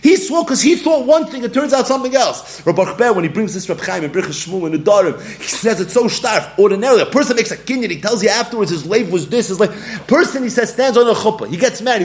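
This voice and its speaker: A man teaching a Talmud lecture, animated, acting out little scenes and laughing often. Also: sits high, fast talker. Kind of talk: yeshiva-style Talmud lecture.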